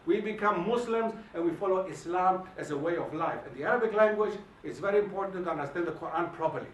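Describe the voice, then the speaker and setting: A man's voice: high-pitched, fast, slight background noise. Emphatic man lecturing in a hall. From Germany. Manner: animated, emphatic, asks the audience questions. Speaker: guest lecturer. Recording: echoey hall, mic at a distance.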